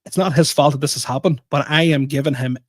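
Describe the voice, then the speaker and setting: A man's voice: on the high side, quick pace, no room sound. A man co-hosting a podcast, telling a story in casual chat and poking fun at himself. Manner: animated, self-mocking storyteller. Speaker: podcast co-host.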